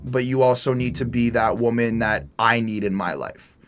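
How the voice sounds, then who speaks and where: A man's voice: mid-range voice, normal speed, over music. A man co-hosting a podcast, chatting loosely through an album review and reading lyrics aloud. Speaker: podcast co-host. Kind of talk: casual album review chat.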